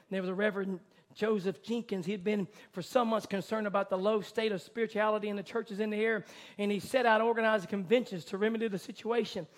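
A man with a notably high voice preaches a sermon from the pulpit. He drops to a hushed softness, then builds to a loud, climbing fervor. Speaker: pastor.

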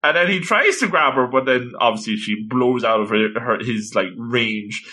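A man co-hosting a casual chat, filling in story details in a relaxed way. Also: mid-range voice, moderate pace. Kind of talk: casual chat recapping an episode.

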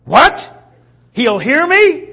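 A man's voice: very high-pitched, very animated, extremely slow, highs cut off, voice pushed up, full character voice. A man preacher voicing a desperate blind male beggar who pleads urgently for help. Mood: pleading.

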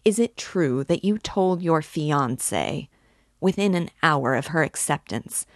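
A woman's voice: low voice, no room sound, studio quality. A woman reading the lines of a sick young man who speaks with bitter, frenzied fury. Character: feverish, furious young man, sick in bed.

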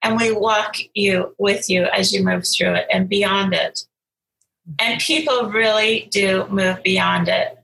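A woman's voice: medium pitch, steady tone, slow, creaky, a bit bright, roomy sound, rough recording. A middle-aged woman speaking as a guest, telling a story in an earnest, encouraging way. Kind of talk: heartfelt conversational storytelling.

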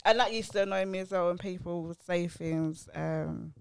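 A woman's voice: on the low side, fairly even intonation, moderate pace, gravelly, clean tone, no echo, clean studio sound. A young woman with a Cockney accent from East London, hosting a casual group chat and laughing often. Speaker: podcast host.

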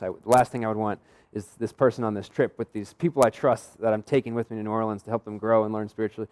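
A man's voice: lowish voice, quick pace, darkish tone. A young adult man preaching a sermon in a conversational storytelling style, acting out the voices of people in his stories. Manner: conversational, acts out quoted dialogue. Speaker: pastor.

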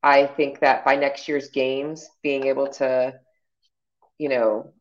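A low-pitched woman talks in relaxed, encouraging chat, full of fillers and asides as she coaches her co-host. The sound is a little dull and lo-fi. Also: slow. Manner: chatty, encouraging, many fillers. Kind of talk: casual chat.

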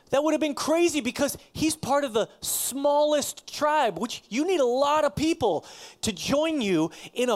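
A man preaches a sermon in a casual, direct way. He pushes his points with emphasis, then drops his voice low, close to a whisper. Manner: emphatic, often dropping to near whispers. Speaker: pastor.

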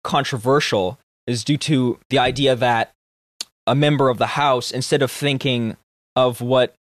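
A man hosting a casual podcast, explaining news stories in a measured way. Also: medium pitch, steady tone, no room sound, clean studio sound. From Canada. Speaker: podcast host.

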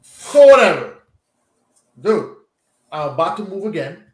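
Animated high-voiced man in an echoey room. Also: measured pace. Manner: animated storyteller, swears freely. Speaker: co-host. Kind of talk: casual podcast chat.

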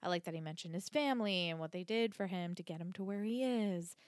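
A woman's voice: fairly low pitch, quick pace, no room sound, studio quality. A woman co-hosting a podcast, recapping a TV episode in casual chat and acting out the characters' lines. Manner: recaps scenes, acts out quotes. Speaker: podcast co-host.

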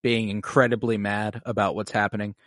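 A man's voice: fairly low pitch, flat delivery, brisk, fairly bright tone, no echo, studio quality. A man co-hosting a casual podcast, animatedly retelling scenes and acting out characters' lines. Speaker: podcast co-host recapping a TV episode. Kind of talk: casual chat.

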